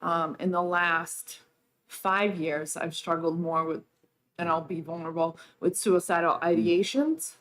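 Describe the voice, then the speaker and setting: A woman giving emotional, hesitant testimony at a state senate hearing, with many pauses and ums. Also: on the low side, fairly bright tone. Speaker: public witness. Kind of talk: public testimony.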